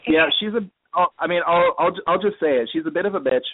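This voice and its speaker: A man's voice: on the high side, fast talker. A man with a slightly raised voice casually recaps an episode as a podcast host. He rambles and leans on "you know" between thoughts. The sound is thin and phone-like. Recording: tinny phone-like line.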